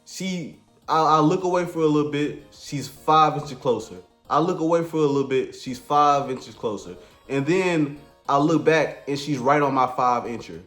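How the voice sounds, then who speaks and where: A man's voice: on the high side, moderate pace, fairly bright tone. A man telling a crude comedic story in a laid-back, slangy, rambling way. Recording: echoey room with faint music.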